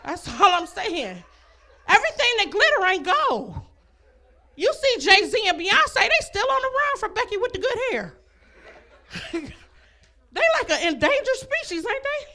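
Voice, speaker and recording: Brash high-voiced woman doing stand-up. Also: big pitch swings, measured pace, pauses often, bright, forceful tone. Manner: brash, laughs at own jokes. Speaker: stand-up comedian. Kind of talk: stand-up comedy set. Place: comedy club stage.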